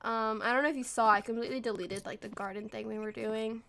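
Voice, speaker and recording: Young woman, bright higher voice, rambling self-deprecating voice-over for a build video. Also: fairly even intonation, quick pace, creaky, a little hiss or hum. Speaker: gaming video creator.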